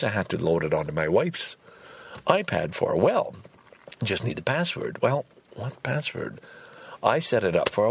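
A man hosting a casual solo podcast, ranting in an animated and profane way. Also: lowish voice, creaky, husky. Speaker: podcast host.

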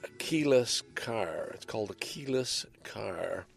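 A man's voice: on the low side, lively intonation, slow, vocal fry. An older man hosting a podcast, talking from home in a rambling, casual monologue that swings between heavy and lighthearted. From Canada. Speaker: podcast host. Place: home, by a window.

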